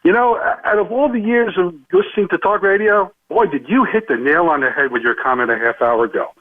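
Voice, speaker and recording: A male caller comes through a thin, tinny phone line. His voice sits high, and he chimes in agreeably while grumbling about modern players. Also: fairly quick. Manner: agreeable, nostalgic complaining. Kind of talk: call-in talk radio.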